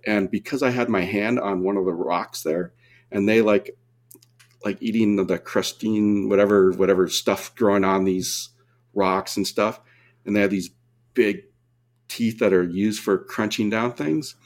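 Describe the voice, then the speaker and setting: A man from California with a fairly low voice tells a story in loose, rambling chat. He leans on fillers and keeps breaking into laughter as he goes. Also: a little mellow. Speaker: guest diver. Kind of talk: casual storytelling.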